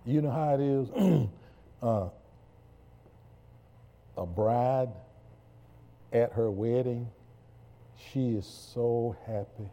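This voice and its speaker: A man's voice: mid-range voice, extremely slow, long pauses, mellow. A man preaching a sermon, leading the congregation in call-and-response.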